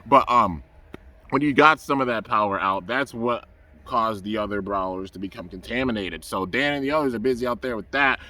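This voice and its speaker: A man excitedly reviewing a cartoon episode outdoors under the trees, rambling and enthusiastic and often saying "man". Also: on the low side, fairly quick. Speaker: anime reviewer.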